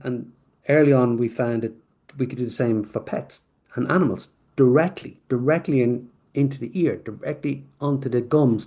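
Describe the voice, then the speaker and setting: A man, a company founder, telling a long rambling story as a podcast guest, acting out snippets of dialogue along the way. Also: medium pitch. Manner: rambling, animated, acts out quoted dialogue. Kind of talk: storytelling interview answer.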